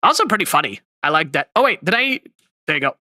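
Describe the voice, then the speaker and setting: A man hosting a livestream, reacting to clips with expressive, mock-outraged chatter. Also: a little high, fast talker, no room sound. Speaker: streamer host.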